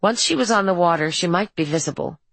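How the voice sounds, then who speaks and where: A woman narrating an audiobook in a steady, even storytelling manner. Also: fairly low pitch, quick pace, vocal fry, husky, no room sound, low-quality recording. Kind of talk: scripted narration.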